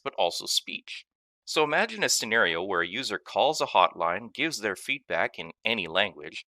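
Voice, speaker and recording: Guy teaching a tech course, really bright voice, bouncy emphatic delivery, dry close mic. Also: lowish voice, dry recording. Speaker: course instructor. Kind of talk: scripted tech lesson narration.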